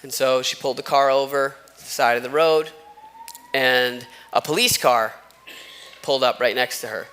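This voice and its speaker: A man's voice: medium pitch, steady tone, normal speed, sharp tone. A man preaching a sermon as a church pastor, talking conversationally and telling stories with asides. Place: church sanctuary. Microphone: wireless microphone.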